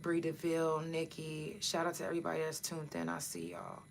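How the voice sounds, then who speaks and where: A woman's voice: low voice, sing-song, a little fast, vocal fry, background noise. A woman hosting a casual livestream podcast who speaks straight to her listeners in an impassioned, blunt and profane way. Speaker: podcast host.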